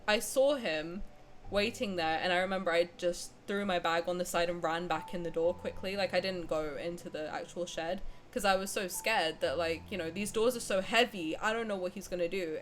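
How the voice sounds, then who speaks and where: A woman's voice: fairly low pitch, moderate pace, a bit bright, slight background noise. A young woman streamer casually telling a long personal story, rambling with lots of fillers and restarts. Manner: rambling, filler-heavy, restarts mid-sentence.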